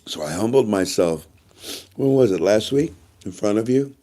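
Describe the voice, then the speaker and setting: A man with a lowish voice talks straight to his viewers in a loose, wandering monologue. His tone is dark and mellow, and he circles back to say the same things again and again. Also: animated, normal speed, slight background noise. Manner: repeats himself often; chatty and preachy, asides to viewers. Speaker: YouTube vlogger. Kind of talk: casual rambling monologue to viewers.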